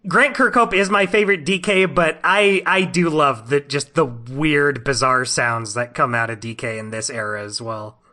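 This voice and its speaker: A man who is a guest on a podcast, chatting casually, agreeable and quick to laugh. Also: mid-range voice, bright, forceful tone.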